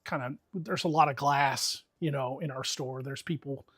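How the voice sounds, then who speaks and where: A man's voice: medium pitch, fairly even intonation, normal speed, fairly bright tone, dry recording, clean studio sound. A man casually telling a long, profane story to friends on a stream, talking with lots of energy.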